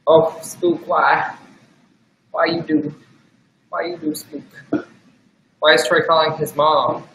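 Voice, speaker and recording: A man's voice: on the high side, flat delivery, takes it slowly, fairly bright tone, roomy sound, slight background noise, poor audio. A young man hosting a casual livestream from home, joking and chatting with his dog. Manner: playful, talks to his dog in a teasing voice. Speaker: livestream host.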